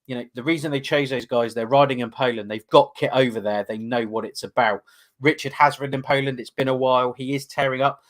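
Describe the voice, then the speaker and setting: A man's voice: medium pitch, steady tone, fast. Rambling man in fan chat. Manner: rambling, enthusiastic, many fillers. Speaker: podcast co-host.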